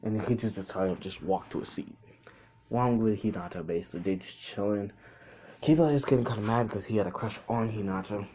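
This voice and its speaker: A young man retells a made-up fan story as it comes to him. He rambles and restarts often. His voice sits fairly low and sounds mellow and dark. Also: brisk. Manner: rambling, with many fillers and restarts; quotes characters in his own voice.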